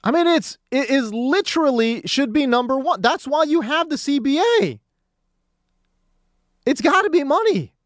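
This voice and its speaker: A man hosting sports talk radio rants in a loose, slangy monologue, his pitch swinging widely as he works himself up. His voice is dry and close to the studio mic, with no room echo. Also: normal speed. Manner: animated, ranting, slangy.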